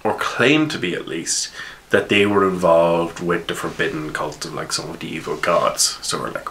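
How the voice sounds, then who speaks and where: Low-voiced guy telling his tabletop game story, kinda rambling, bright tone. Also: moderate pace, gravelly, slight background noise, rough recording. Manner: rambling, animated retelling. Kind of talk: casual storytelling.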